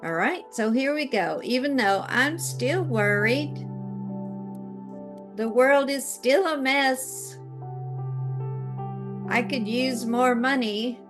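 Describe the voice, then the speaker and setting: A woman guides listeners through a tapping routine, speaking slowly and deliberately with a slightly high voice. She gives short instructions and repeats affirmations, and soft music plays faintly behind her. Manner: slow, directive coaching with spoken affirmations.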